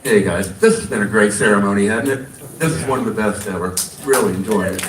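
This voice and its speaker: A man with a lowish voice presents an award, mixing jokes with teary sentiment. He sounds some way from the mic. The hall around him is echoey, and steady noise is plainly audible. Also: fast, distant mic. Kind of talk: ceremony introduction speech.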